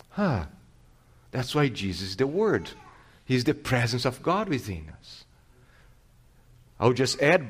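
A man preaching a sermon in a somewhat high voice. He teaches through rhetorical questions and restarts his phrases. He swings between loud emphatic lines and slow, quiet ones. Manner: emphatic, varies loudness and pace widely. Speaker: pastor.

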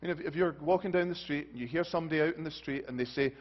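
Male preacher, fairly high voice, dramatic shifts between urgent calls and quiet pleading, dull lo-fi sound. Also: animated, rapid-fire, few pauses. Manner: dramatic swings from loud urgent rises to hushed soft pleas. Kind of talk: sermon. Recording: dull lo-fi recording.

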